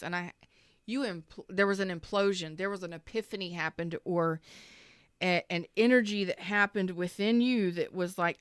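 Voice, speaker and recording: Low, smooth-voiced woman reading tarot. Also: moderate pace, no echo, clean studio sound. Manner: rambling and emphatic, repeats phrases, swears casually. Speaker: tarot reader. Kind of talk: spontaneous tarot reading monologue.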